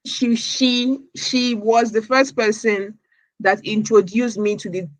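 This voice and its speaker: A woman's voice: fairly high pitch, steady tone, takes it slowly, no echo, low-quality recording. A woman from Nigeria answering interview questions as a podcast guest, earnest, often repeating words as she searches for her phrasing.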